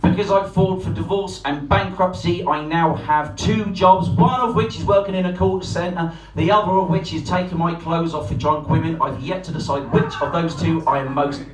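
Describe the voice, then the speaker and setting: A man's voice: a little high, steady tone, moderate pace, few pauses, slight background noise. A man in his forties from England doing a profane, rambling, self-mocking stand-up set. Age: 40s. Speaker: stand-up comedian. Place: comedy club stage before a live audience. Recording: roomy live hall from far off, music behind.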